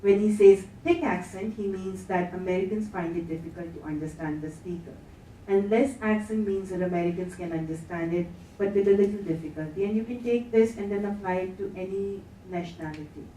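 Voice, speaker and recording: A woman giving a measured academic lecture as a conference plenary speaker. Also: medium pitch, steady tone, dark tone, far from the mic, a little hiss or hum. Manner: measured, reads quotes aloud. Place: conference hall. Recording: echoey hall, speaker heard from afar.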